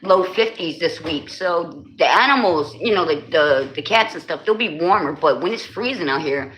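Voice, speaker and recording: Chatty New Jersey woman, bright voice. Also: on the low side, animated, normal speed, rough recording. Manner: chatty, greets and answers viewer comments. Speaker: live streamer. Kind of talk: casual live-stream chat.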